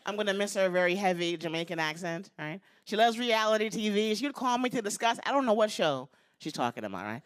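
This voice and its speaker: A stand-up comedian in her fifties performs live on stage, brash and confiding, building toward punchlines. Her medium-pitched voice is expressive and quick.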